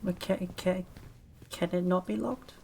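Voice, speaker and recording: A woman's voice: fairly low pitch, fairly even intonation, unhurried, darkish tone. A woman streamer giving casual, playful let's-play commentary, muttering and chatting to herself. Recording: streamed mic with clear noise.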